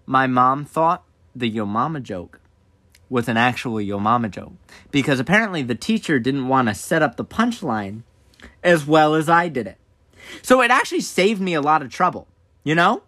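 A young man telling a childhood story on a casual talk show, animated and rambling, forever saying "I was like". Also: medium pitch, moderate pace, no echo.

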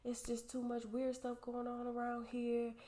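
A woman voicing her indignant, cussing female neighbor in a shrill, outraged tone. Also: completely flat delivery, unhurried, mellow, echoey room, close to an everyday voice.

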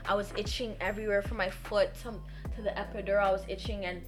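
A woman's voice: mid-range voice, fast, over music. Young woman telling a birth story. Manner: animated storytelling, acts out others' lines. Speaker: new mother telling her birth story. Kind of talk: casual chat.

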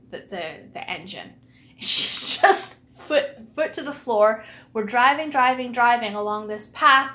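A woman's voice: fairly high pitch, fairly bright tone. A woman telling a funny childhood story in casual chat, laughing and using lots of fillers.

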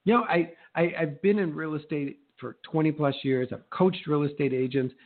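Middle-aged guy giving a pep talk, kinda high voice, super animated, sounds like it's coming thru a phone. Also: moderate pace, narrow, tinny audio. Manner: animated, acts out quoted exchanges in changing voices. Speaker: real estate coach. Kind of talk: motivational talk.

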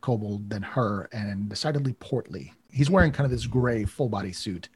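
A man's voice: fairly low pitch, normal speed, slightly rough. A man narrating as game master, casual and rambling with many fillers.

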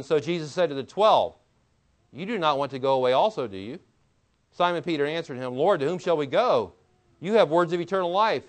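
A man's voice: on the high side, fairly bright tone. Man preaching a sermon. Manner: expository preaching, reads scripture aloud and comments; conversational asides, chuckles. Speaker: pastor.

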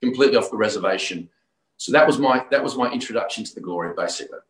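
A man from Australia, middle-aged or older, telling his personal story of religious conversion as a guest, earnest and full of halting restarts. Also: mid-range voice, animated, a bit bright. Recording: roomy echo.

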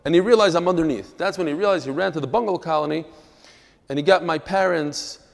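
A man teaching a daily Talmud class as a rabbi, telling stories and explaining texts in an animated, emphatic way with quick asides. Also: on the high side, gravelly, in a large hall. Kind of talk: lively storytelling and teaching.

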